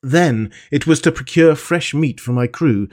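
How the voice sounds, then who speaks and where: A man reading the part of a stern, principled sea captain in an audiobook, firm and measured as he reproves. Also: a little high, a little mellow, voice pushed up, close to an everyday voice. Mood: reproving.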